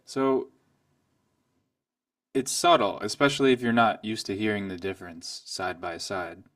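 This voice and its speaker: Male piano teacher, low voice, calm explainer, mic a little distant. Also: measured pace, no echo. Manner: calm, explains then plays examples. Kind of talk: music lesson at the piano. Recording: voice from a distance, piano loud alongside. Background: piano playing.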